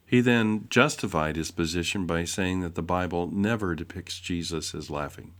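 A man reading a devotional essay aloud in a measured way, posing rhetorical questions. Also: deep voice. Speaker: essay reader.

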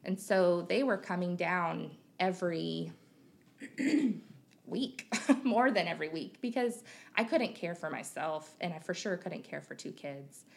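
Woman from Missouri, thirties, podcast guest, low-pitched, gravelly fry, open reflective talk full of fillers. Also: animated, a little slow. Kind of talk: candid conversational interview.

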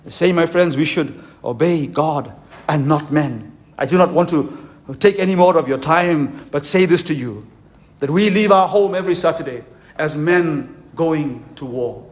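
Fervent high-voiced male preacher. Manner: fervent, emphatic preaching with slow stressed phrases. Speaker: pastor. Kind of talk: conference sermon. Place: conference hall.

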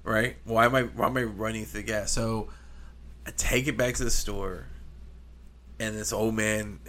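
A man's voice: on the low side, moderate pace. Casual storytelling man, swears freely. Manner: animated, swearing, imitates engine noises. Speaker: podcast co-host.

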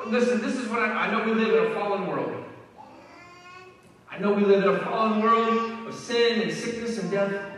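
A man preaching a sermon. He talks to the congregation in a conversational way, asks them questions, and drops low and soft when he quotes scripture. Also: normal speed, slight background noise. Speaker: pastor. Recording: echoey hall heard from a distance.

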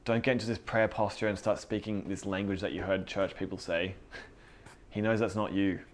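A man's voice: low voice, steady tone, fairly quick. A man preaching a sermon in a casual, conversational way, earnest and often breaking into short laughs. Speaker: pastor.

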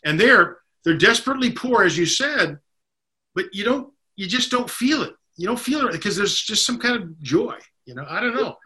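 A man's voice: high-pitched, lively intonation, moderate pace, pushed and bright. A man as a podcast guest, speaking earnestly and reflectively about faith, joy and people in hardship. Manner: earnest, talks of faith and shared meals. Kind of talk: reflective casual conversation.

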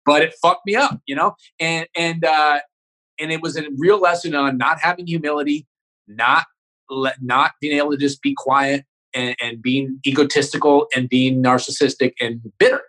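A man's voice: fairly high pitch, fairly even intonation, bright, forceful tone. A man, a comedian guest, telling a profane story in a podcast interview, often tagging sentences with "right?". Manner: rapid, profane, keeps checking in with "right?".

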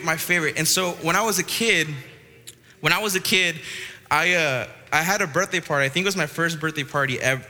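A young man preaching to a church youth group. He is animated and joking, with restarts. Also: a little high, in a large hall. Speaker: youth pastor. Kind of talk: youth sermon with storytelling. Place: church hall.

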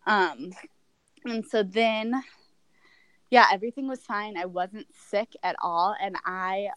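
A woman's voice: medium pitch, takes it slowly, fairly bright tone, smooth, dry recording, low-quality recording. A young woman candidly telling a personal story as a guest, rambling with many fillers and restarts.

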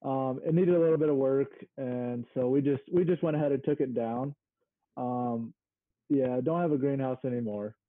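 A man's voice: mid-range voice, steady tone, moderate pace, no room sound. A man from Mississippi, a guest chatting in an easygoing way and searching for words as he goes. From Mississippi, United States. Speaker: interview guest, small farm owner. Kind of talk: casual conversation. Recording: narrow phone-like sound.

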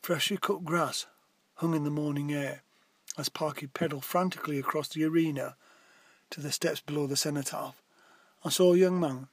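Guy reading a story out loud, slightly high husky voice, does the characters' voices. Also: no echo. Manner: reads dialogue with lively put-on voices. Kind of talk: storybook narration.

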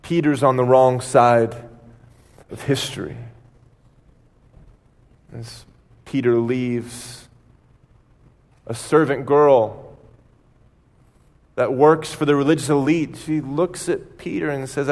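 A male pastor delivers a slow, deliberate sermon, retelling a story with dramatic pauses. His voice rings out with a long reverb from the church hall, sitting at a middle pitch.

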